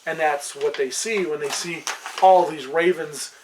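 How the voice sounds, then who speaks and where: A man's voice: fairly high pitch, unhurried, darkish tone, recorded from a distance, slight background noise, rough recording. A man who runs a tabletop fantasy world, chatting casually on a podcast and rambling with many fillers and restarts. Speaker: game master.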